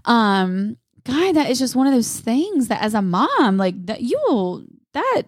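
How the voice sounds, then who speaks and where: Chatty mom telling stories. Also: female voice, on the high side, very animated, unhurried, husky, dry recording, clean studio sound. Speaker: podcast co-host. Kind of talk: casual chat.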